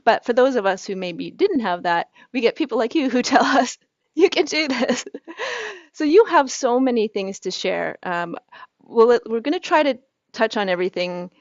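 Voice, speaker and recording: A woman's voice: fairly high pitch, expressive, moderate pace, no room sound. Woman hosting an interview, dry muffled sound. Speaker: interview show host. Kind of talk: hosted interview.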